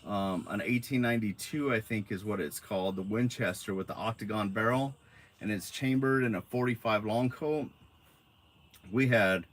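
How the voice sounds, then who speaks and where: A man's voice: mid-range voice, fairly bright tone. A man from Arizona telling rambling stories on a casual live stream into his phone, laid-back and swearing freely.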